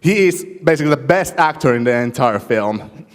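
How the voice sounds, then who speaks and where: A man from Finland in the audience, talking casually and haltingly at a convention panel. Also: medium pitch, expressive. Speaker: audience member asking a question. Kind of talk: casual chat. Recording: reverberant hall, audience mic.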